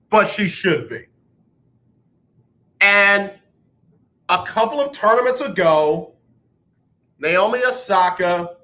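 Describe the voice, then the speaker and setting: Fired-up high-voiced male radio host. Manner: animated, ranting, emphatic. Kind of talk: sports talk radio. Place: radio studio.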